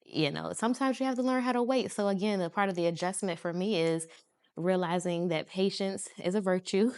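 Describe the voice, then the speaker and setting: A young woman from the United States chatting casually to camera from her couch, telling stories animatedly and acting out what people said in a higher voice, laughing often. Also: fairly quick, darkish tone, clean tone. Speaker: vlogger. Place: home, sitting on a couch.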